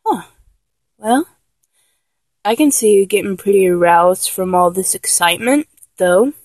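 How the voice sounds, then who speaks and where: A woman's voice: mid-range voice, expressive, a little slow, a little mellow, no echo. A woman playing a flustered young lover who keeps trying and failing to act dominant, in a comedic audio role-play, talking in an exasperated, self-correcting way.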